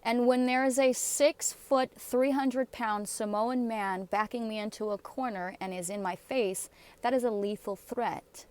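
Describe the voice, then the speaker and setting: A woman's voice: fairly high pitch, fairly even intonation, a little slow, few pauses, darkish tone, clear, resonant tone. A woman vlogger giving casual, sarcastic commentary on comments, blunt and given to laughing asides.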